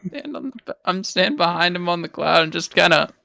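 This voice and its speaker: A man's voice: high voice, animated, a little fast, vocal fry, sharp tone, dry recording. A man playing his character in a tabletop game, making dry, wry teasing remarks. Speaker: player.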